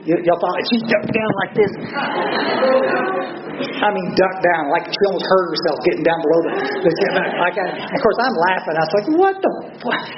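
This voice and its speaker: A man's voice: high voice, a little fast, a crowd in the background. An older man with a Texan accent, telling stories at a recovery meeting in a folksy, earnest, blunt way. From Texas. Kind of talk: speaker talk to a meeting. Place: large meeting room. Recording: echoey room, dull lo-fi sound.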